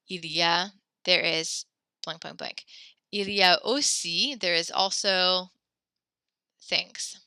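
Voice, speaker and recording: A woman's voice: fairly low pitch, slow pace, long pauses, sharp tone, smooth, dry recording. A woman teaching a French vocabulary lesson in a chatty, digressive way, with many fillers and self-corrections. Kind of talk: recorded classroom lesson.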